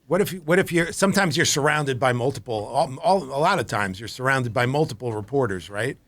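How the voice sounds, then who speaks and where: A man hosting a comedy talk show, rambling and restarting as he pitches sarcastic jokes. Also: lively intonation, a little fast, fairly bright tone. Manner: rambling, self-correcting, sarcastic. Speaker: host.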